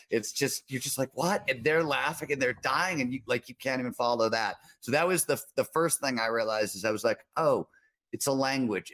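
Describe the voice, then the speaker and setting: A man's voice: mid-range voice, fairly bright tone. A man, a writer, talking casually about creativity, rambling with many restarts and fillers. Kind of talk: reflective casual conversation.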